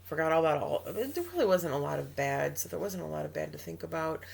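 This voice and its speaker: A woman's voice: low-pitched, animated, fast talker, vocal fry, breathy edge. Chatty, emphatic woman podcast host. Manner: chatty and emphatic, trails off, acts out quotes. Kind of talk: casual advice podcast chat.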